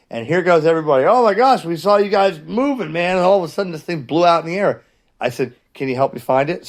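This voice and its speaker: A middle-aged man, host of a hobby channel, telling a story in a casual vlog with an animated, exasperated delivery and frequent restarts. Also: on the high side. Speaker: ham radio channel host.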